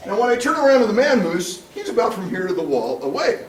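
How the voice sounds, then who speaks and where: Animated man teaching a Bible class. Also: sits high, fast talker. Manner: animated, humorous storyteller. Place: church classroom. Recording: echoey room, distant mic, background noise.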